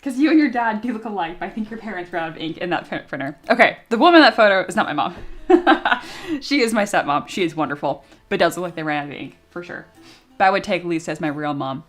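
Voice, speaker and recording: A young woman streams from her desk mic, chatting loosely with her viewers. She laughs easily, pokes fun at herself and swears without a second thought. Soft music plays faintly underneath. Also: on the low side, animated, fast. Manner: giggly, self-mocking, swears freely. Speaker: streamer and 3D sculptor. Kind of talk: casual live-stream chat.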